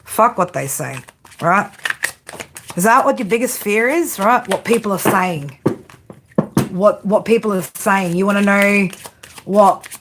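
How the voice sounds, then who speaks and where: A woman giving a tarot reading, blunt and profane, often tagging her points with a quick "right?". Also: mid-range voice, background noise. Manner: frank tough-love delivery. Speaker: tarot reader.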